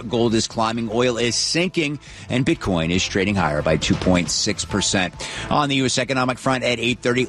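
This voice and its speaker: A man reading a morning market update from a news desk, steady and fast through the figures. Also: medium pitch.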